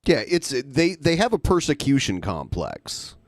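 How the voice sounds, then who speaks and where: A man with a middle-pitched voice hosts a casual panel podcast, chatting and steering the conversation. His recording is dry and close, with no room sound. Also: wildly swooping pitch, measured pace, dry recording. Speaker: podcast host.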